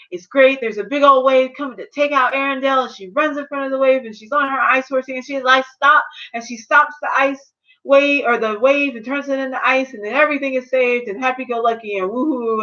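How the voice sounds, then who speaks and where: Woman, high voice, sassy slangy film review chat, dull lo-fi sound. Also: fairly bright tone. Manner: sassy, slangy, playful retelling. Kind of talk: casual spoiler review chat.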